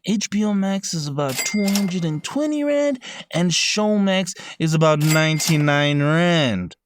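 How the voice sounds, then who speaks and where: A man's voice: a little high, a little slow, slight background noise. Sarcastic young South African man ranting. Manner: sarcastic, animated, jokey asides. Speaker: YouTube host. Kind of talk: comedic rant vlog.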